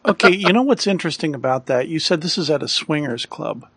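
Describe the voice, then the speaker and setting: A man's voice: a little high, animated, fairly quick, a bit bright, slightly rough, no room sound. A man hosting a casual chat, joking and asking follow-up questions.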